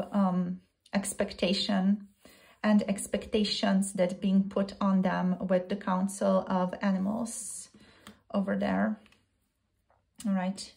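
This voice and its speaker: A woman's voice: mid-range voice, gravelly, a little mellow. Chatty woman reading tarot aloud. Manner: thinks aloud, repeats and restarts phrases. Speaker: tarot reader. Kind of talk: casual tarot reading to camera.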